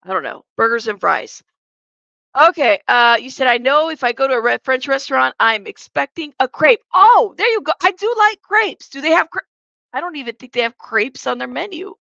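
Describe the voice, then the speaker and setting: High, gravelly-voiced woman chatting. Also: sing-song, normal speed, sharp tone, dry recording. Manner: chatty, joking asides, laughs often. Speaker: commentary channel host. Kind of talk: live-stream commentary reading chat. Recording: dull lo-fi sound.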